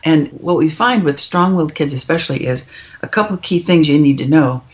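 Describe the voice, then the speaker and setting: A woman's voice: deep voice, expressive, fairly quick. Middle-aged lady guest on a podcast, emphatic, tells stories, kinda muffled lo-fi sound. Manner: emphatic, storytelling, acts out quoted kids and parents. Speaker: parenting author guest. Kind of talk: podcast interview.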